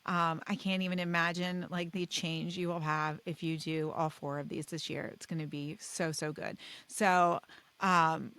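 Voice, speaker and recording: A woman's voice: on the low side, a bit bright, no room sound. Woman doc hosting her podcast, chatty and encouraging, lots of "like" and "okay?", dry close mic. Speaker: podcast host and weight loss doctor. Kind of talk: casual solo podcast coaching talk.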